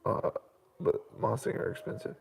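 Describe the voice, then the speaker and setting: A middle-aged man hosting a casual live question-and-answer chat at home, an animated storyteller who laughs often. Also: normal speed. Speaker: host. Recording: reverberant room sound.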